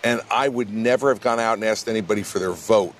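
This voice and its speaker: A man running for president fields questions in a TV news interview, responding in a blunt, emphatic manner. His voice is on the low side and his pace quick, with faint noise in the background.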